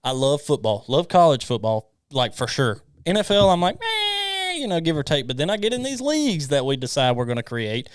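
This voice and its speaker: A man hosting a faith podcast in casual chat, animated and laughing often. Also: mid-range voice, brisk, few pauses, clear, resonant tone, no room sound, clean studio sound. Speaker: podcast host. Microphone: studio mic.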